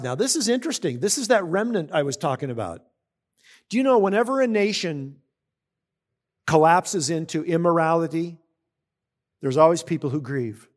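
A man preaching a sermon, reading scripture aloud and explaining it in a conversational way, often asking his listeners questions. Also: sits high. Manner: reads scripture aloud between comments. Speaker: pastor. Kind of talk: sermon teaching.

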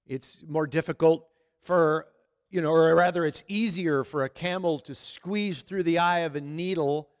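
A man's voice: a little high, long reverb tail. A man preaching a conversational sermon, often turning to ask the congregation questions. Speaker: pastor.

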